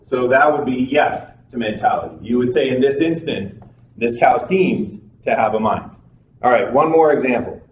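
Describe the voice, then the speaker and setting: A man's voice: medium pitch, expressive, moderate pace, lo-fi sound. A male lecturer talks a class through psychology in a loose, conversational way, often repeating himself and asking the room questions. He is picked up from a distance in a reverberant classroom, with faint background noise underneath.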